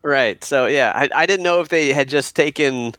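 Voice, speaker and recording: A man co-hosting a podcast in casual chat, speaking in a relaxed, halting way with pauses and fillers. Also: mid-range voice, dry recording. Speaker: podcast co-host.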